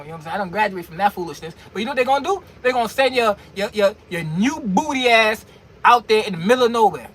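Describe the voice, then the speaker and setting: A man with a very high-pitched voice rants casually about trucking, full of slang and mocking jabs. He stumbles over words, restarting and repeating himself as he goes. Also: pushed and bright. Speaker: truck driver vlogger. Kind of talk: casual ranting monologue.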